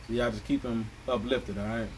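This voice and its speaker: A man's voice: mid-range voice, steady tone, fairly quick. A man co-hosting a podcast, talking in loose, slangy, joking chat. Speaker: podcast co-host. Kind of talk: casual chat. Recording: noisy background.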